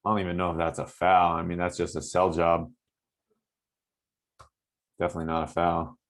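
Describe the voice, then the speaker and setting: A man's voice: sits low, moderate pace. A man who coaches basketball talks through game footage casually, asking "right?" often to check that the viewer is following. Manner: animated, coaching asides with frequent "right?". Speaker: basketball trainer breaking down game film. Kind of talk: casual film-breakdown commentary.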